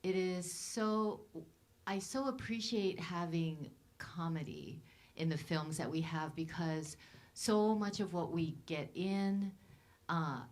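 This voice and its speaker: A woman hosts a film festival Q&A in a theater, building her question slowly and thoughtfully. Her voice sits somewhat low for a woman. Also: a little mellow. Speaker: festival programmer and host. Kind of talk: Q&A moderation. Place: movie theater.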